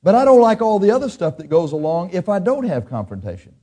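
A man preaching a sermon as pastor, blunt and emphatic, acting out people's excuses in a higher whiny voice. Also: huge pitch swings, fast, warm tone.

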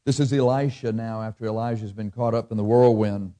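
A man's voice: lowish voice, steady tone, a little fast, warm tone. A man preaching a sermon, reading scripture aloud in old-fashioned cadence and adding folksy asides and chuckles. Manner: folksy, reads scripture in King James cadence, chuckles at own jokes.

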